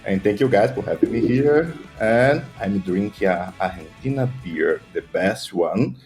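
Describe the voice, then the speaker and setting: Guest engineer, man, slow halting storyteller, dark mellow voice. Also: lowish voice, animated, soft background music. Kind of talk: casual podcast chat.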